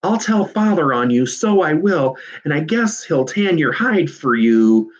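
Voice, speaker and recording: A man reading aloud and voicing a whiny, tattling little farm girl in a high, wailing voice. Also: big pitch swings, unhurried, lo-fi sound.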